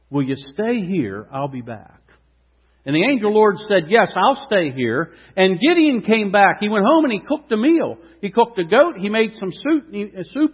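A man preaching, telling a Bible story and acting out its dialogue with a high, lively voice. His tone is husky. The recording is muffled and rings with a long hall reverb. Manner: animated storytelling, acts out biblical dialogue. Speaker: pastor. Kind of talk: sermon.

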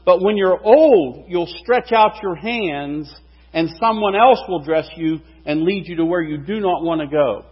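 A man preaching a sermon, animated, his voice rising and falling for emphasis. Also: sits high, measured pace, slightly rough. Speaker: pastor. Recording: dull, reverberant hall recording.

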